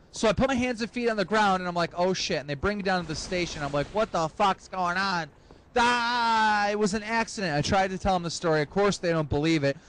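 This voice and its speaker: A young man telling a long, crude, rambling comic story, acting out the other characters in quick voices. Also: fairly bright tone, a little hiss or hum, low-quality recording. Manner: profane, acts out characters in quick high voices. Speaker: comedic storyteller.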